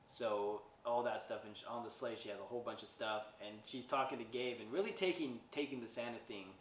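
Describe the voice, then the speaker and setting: A man's voice: mid-range voice, fairly quick, slight background noise. A man hosting a podcast, casually recapping a movie plot in a rambling way, often asking "right?". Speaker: podcast host reviewing a movie. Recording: roomy echo, distant mic, faint ambience.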